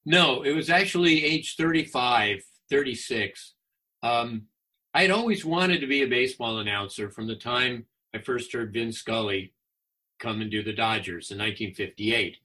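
A man in his sixties, a guest on an interview, telling baseball stories in a chatty, animated way and laughing often. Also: mid-range voice, normal speed, breathy edge. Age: 60s. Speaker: guest, former baseball announcer. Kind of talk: casual anecdotal storytelling.

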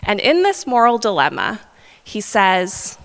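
A woman's voice: medium pitch, unhurried, vocal fry. Chatty woman preacher in a reverberant hall. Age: 30s. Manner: chatty, animated storytelling. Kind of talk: sermon.

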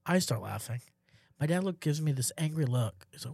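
A man's voice: fairly high pitch, brisk, vocal fry, slightly rough, dry recording, clean studio sound. A young man co-hosting a podcast, telling crude, joking stories in casual chat. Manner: crude, joking, animated storyteller. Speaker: podcast co-host.

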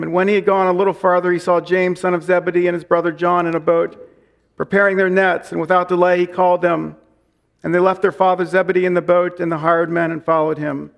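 A man's voice: high voice, creaky. A man preaching a sermon as pastor, reading scripture and repeating key lines for emphasis. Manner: reads scripture aloud.

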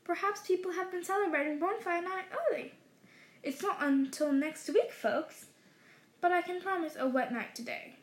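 A woman's voice: very high-pitched, moderate pace, voice pushed up. A woman doing a breezy, jokey TV weatherman. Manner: breezy, joking. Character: chatty, jokey male TV weatherman. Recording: roomy echo.

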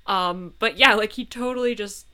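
A woman co-hosting a casual chat, agreeable and lively, with frequent backchannels. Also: mid-range voice, moderate pace, clean tone. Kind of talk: casual chat reviewing a TV episode.

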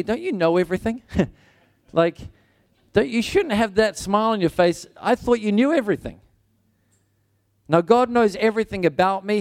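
A man's voice: a little high, a little mellow. A man preaching a sermon, telling a personal story in an earnest, conversational way with frequent restarts.

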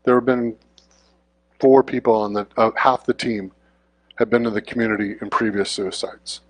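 A man's voice: fairly low pitch, steady tone, normal speed, no echo. A man giving a conversational sermon as a guest preacher, informal and often checking in with the congregation.

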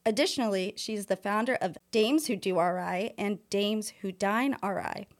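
Woman, podcast co-host, casual chat, agreeable, mid-range pitch. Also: normal speed. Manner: polished read-out intro, then relaxed and agreeable.

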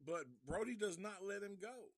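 A man's voice: high-pitched, moderate pace, dry recording. A man hosting a podcast, casually retelling a film in a rambling, profanity-heavy way. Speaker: podcast host.

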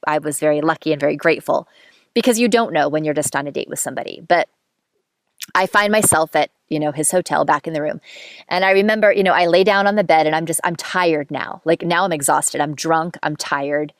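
A woman host telling a candid dating story in a casual monologue, animated, self-mocking and swearing freely. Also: deep voice, a little fast, no room sound, clean studio sound.

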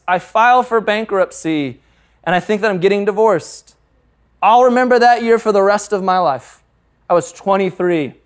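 A man in his thirties, a pastor, preaching a sermon through candid, humorous personal stories. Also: extremely high pitch. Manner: candid, humorous storytelling with frequent laughs.

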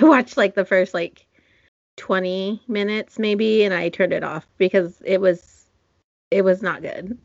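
A woman's voice: mid-range voice, gravelly, dry recording, highs cut off. Chatty woman co-host, dry recording. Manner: chatty, laughs, many fillers. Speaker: podcast co-host. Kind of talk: casual chat.

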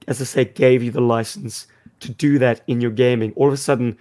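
A man with a croaky, slightly worn voice, talking casually as a podcast co-host. He tells his stories with enthusiasm, at an average pitch for a man. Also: steady tone, fairly quick, mellow.

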